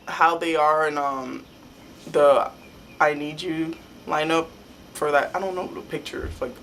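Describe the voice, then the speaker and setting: Rambling, excitable young woman vlogger. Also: sits low, slight background noise. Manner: rambling and excitable, many "like" fillers. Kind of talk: casual fan storytelling.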